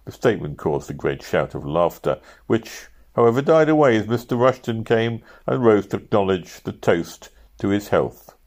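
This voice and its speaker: A man narrating a novel aloud at a steady pace, lifting his voice for shouted quotes. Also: lowish voice, moderate pace, hardly any pauses. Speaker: audiobook reader.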